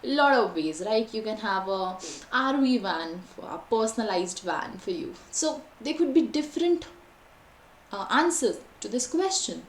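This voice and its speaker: Lady teaching ielts prep online, kinda high voice, lots of "you know", roomy echo, faint hiss. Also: a little slow. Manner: expressive, varied intonation, frequent fillers. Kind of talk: online exam-prep lesson. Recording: echoey room, faint background noise.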